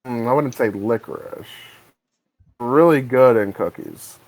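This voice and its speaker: A man's voice: mid-range voice, a little slow, darkish tone, dry recording, low-quality recording. A man co-hosting a podcast in casual chat, often hesitant and restarting his sentences. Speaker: podcast co-host.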